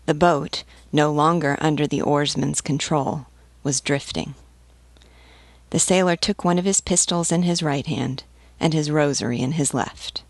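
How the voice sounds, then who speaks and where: A woman narrating an audiobook in a measured, even storytelling manner. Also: deep voice, gravelly, dry recording.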